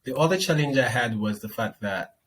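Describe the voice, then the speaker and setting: A young man with a Nigerian accent, a guest chatting casually in an interview and telling lively stories. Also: mid-range voice, fairly quick, slight background noise, rough recording. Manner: animated storyteller, acts out quoted voices.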